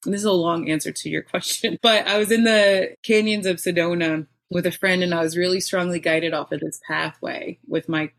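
A woman's voice: on the low side, a little fast, few pauses. Woman telling a personal story. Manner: candid, animated storytelling with bursts of laughter. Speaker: podcast guest.

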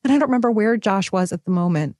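A young woman shares her first months of motherhood in a personal vlog. She talks candidly and with animation, getting emotional as she goes. Her voice sits at an ordinary pitch in a dry, close recording. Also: animated, fast, mellow, no room sound. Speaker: new mother vlogger.

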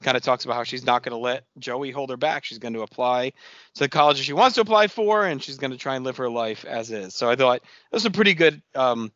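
Bright-voiced man co-hosting a podcast. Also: medium pitch, fast talker, no echo, highs cut off. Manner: relaxed, filler-heavy storytelling. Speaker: podcast co-host. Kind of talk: casual chat recapping a TV episode.

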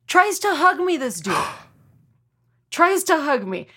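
A woman from Texas, a comedian telling a story in casual podcast chat, animated and full of fillers, acting out quotes. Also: on the high side, slow pace, long pauses, slightly rough. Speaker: comedian guest.

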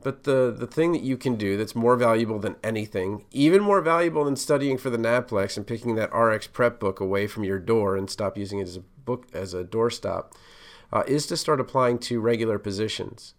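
A man's voice: fairly low pitch, fairly quick. A man hosting a podcast, giving casual career advice in a conversational, loosely rambling way full of asides.

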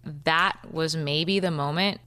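Low-voiced woman telling her story. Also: fairly even intonation, pushed and bright, smooth. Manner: quick, vivid retelling with acted-out quotes. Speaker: interview guest. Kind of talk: recounting a personal story.

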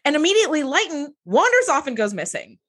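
A woman co-hosting a casual chat show, animated and given to acting out characters' lines, with casual swearing. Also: high voice, fast talker. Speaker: podcast co-host.

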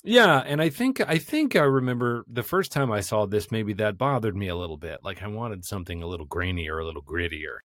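Deep voiced guy, wry and dry, close dead sound, podcast chat. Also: lively intonation, brisk, few pauses, fairly bright tone, no room sound. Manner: wry, articulate, dryly joking. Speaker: podcast co-host. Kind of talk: casual film review chat.

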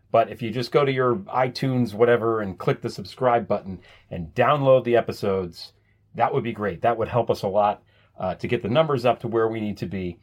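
Hosting his own podcast, a man talks in a chatty, self-deprecating way, frequently restarting his sentences and repeating words when he does. He has a fairly low-pitched voice with a breathy edge.

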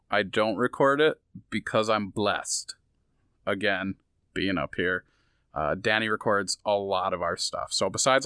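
A man's voice: fairly low pitch, sharp tone, no echo, clean studio sound. A man who is a comedian, talking in a casual podcast chat, rambling with many fillers and restarts. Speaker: comedian guest.

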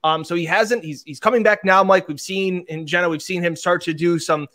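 A man's voice: high voice, fairly even intonation, fairly quick, sharp tone. A man talking football as a show regular, chatty and telling stories about player interviews. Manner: chatty storyteller, mimics interview exchanges. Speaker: sports reporter. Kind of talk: sports talk discussion.

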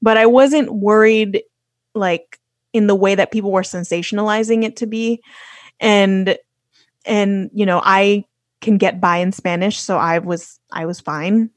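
Chatty woman guest, mid-pitched voice. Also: fairly even intonation, unhurried, no room sound, clean studio sound. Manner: chatty, loose, full of "like" and "you know". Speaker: podcast guest. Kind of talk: casual interview chat.

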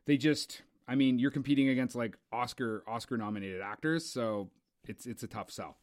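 A man's voice: medium pitch, moderate pace. A man chatting casually about film awards, rambling with lots of fillers. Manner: rambling, filler-heavy, enthusiastic. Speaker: co-host.

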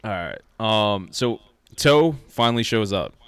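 A man in casual podcast chat, telling an animated story and acting out what people said. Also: fairly low pitch, unhurried, smooth, no room sound. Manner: animated storyteller, acts out quoted lines.

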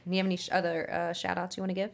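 Woman, low voice, podcast host, easy laughter, casual questions. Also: racing, gravelly, a little hiss or hum. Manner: laughs often, relaxed questions.

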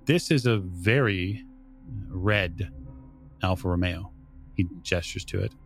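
A man narrating scenes as game master of a tabletop role-playing game. He describes things in a measured way, with occasional fillers. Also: sits low, soft background music.

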